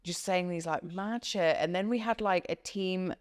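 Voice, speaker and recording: A woman's voice: on the low side, moderate pace. A woman co-hosting a podcast, telling a story in casual chat and acting out the people she quotes. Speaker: podcast co-host.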